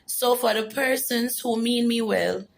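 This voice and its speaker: A woman's voice: on the high side, unhurried, gravelly, poor audio. A woman giving an earnest, emotional personal testimony in a vlog. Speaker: vlogger.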